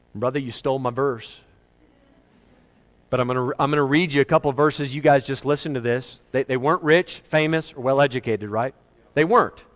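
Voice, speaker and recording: A man preaching a sermon, emphatic, moving between loud rising questions and quiet low asides, and slowing down to read scripture deliberately. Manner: reads scripture slowly and deliberately.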